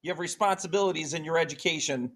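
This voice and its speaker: A man's voice: a little high, fast, a bit bright, poor audio. A man teaching a math class, joking around and quizzing students with countdowns. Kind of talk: classroom lesson.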